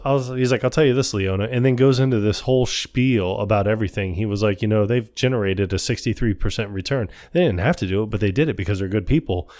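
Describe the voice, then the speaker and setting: A man's voice: on the low side, a little mellow. A man co-hosting a movie podcast, casually retelling scenes and quoting the characters. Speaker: podcast co-host.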